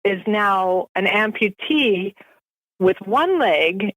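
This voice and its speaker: A woman guest on an interview show telling personal stories in an animated way, laughing often. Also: mid-range voice, slow, dry recording, dull audio. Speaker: guest author. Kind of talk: storytelling in a podcast interview.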